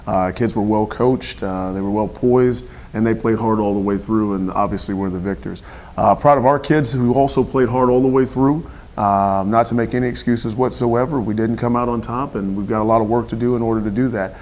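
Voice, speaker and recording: A man who is a football head coach, hoarse from yelling, talking earnestly in a radio sports interview with many fillers. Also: on the low side, fairly even intonation, a little fast, poor audio. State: hoarse, lost his voice.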